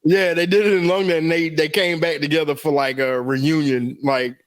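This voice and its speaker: A man co-hosting a comedy podcast who chimes in quickly and laughs often. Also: a little high, little pitch movement, no echo. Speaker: podcast co-host. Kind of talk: casual comedy chat.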